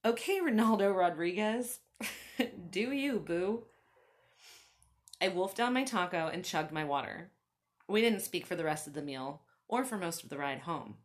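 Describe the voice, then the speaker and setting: A woman who hosts a podcast, reading her own story aloud with animated, laughing asides to her listeners. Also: on the low side, a little slow. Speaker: author and podcast host.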